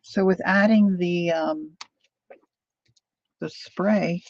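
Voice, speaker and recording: Crafting vlogger, female, gravelly voice, dry dull-sounding close mic, chatty thinking aloud. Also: on the low side, steady tone, drawn-out words, dry recording. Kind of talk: casual demo chat while crafting.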